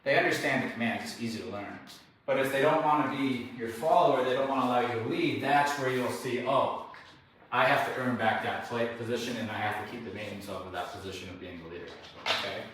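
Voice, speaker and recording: A man's voice: medium pitch, quick pace, fairly bright tone, slight background noise. A man working as a dog trainer, explaining the training step by step and often checking in with "okay?" and "all right?". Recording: very echoey, distant mic, faint background.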